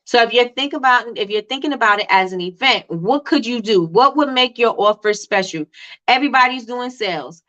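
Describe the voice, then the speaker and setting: Woman host, live stream business coach, bright tone, casual and animated, lo-fi audio. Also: a little high, a little fast. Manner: animated, repeats herself, reads and answers chat.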